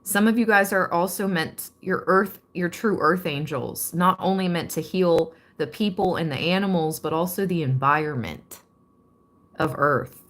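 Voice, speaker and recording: A woman giving a calm, reflective tarot reading to her viewers. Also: lowish voice, moderate pace. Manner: calm and reflective, reading card meanings aloud. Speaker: tarot card reader.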